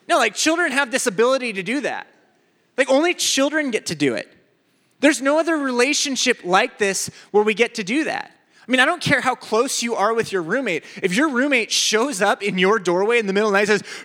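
A young man preaching a sermon, animated and acting out the people in his stories. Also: extremely high pitch, brisk. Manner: animated, acts out voices in stories. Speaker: pastor. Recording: echoey hall.

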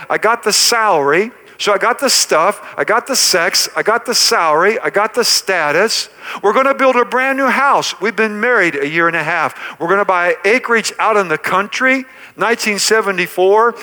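High, bright-voiced pastor preaching. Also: male voice. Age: middle-aged. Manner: emphatic preaching with rising, swelling lines and hushed intense passages. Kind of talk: sermon.

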